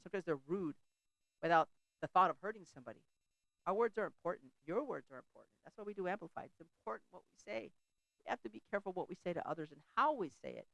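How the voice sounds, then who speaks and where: A woman's voice: fairly low pitch, creaky, fairly bright tone, dry recording, poor audio. A middle-aged woman hosting a faith talk show, preaching in a chatty, conversational way and often breaking off to laugh or restart a thought.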